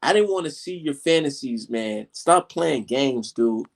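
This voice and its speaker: A man's voice: medium pitch, animated, unhurried, creaky. A young man ranting heatedly and profanely straight to his viewers in a casual vlog. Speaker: vlogger.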